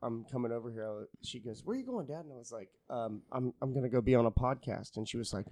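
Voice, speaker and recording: A man's voice: mid-range voice, fast, no echo. A man, a podcast guest, telling profane stories in casual banter and laughing often. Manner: animated storyteller, laughs often, swears a lot.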